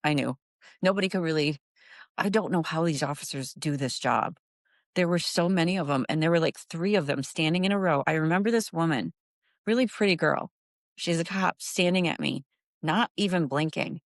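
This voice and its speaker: A middle-aged woman with a gravelly, creaky voice, telling her story in halting, repeated phrases. Her pitch leaps up high as she relives the hardest moments. The sound is dry and close. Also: no echo. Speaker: guest, grieving mother. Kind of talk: emotional personal storytelling.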